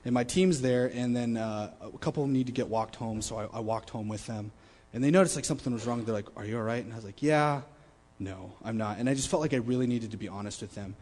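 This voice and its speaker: A young man sharing a personal testimony at a student meeting, candid and emotional, often dropping to a quiet low voice. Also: fast. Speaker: student speaker. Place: large meeting room. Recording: long reverb of a meeting hall.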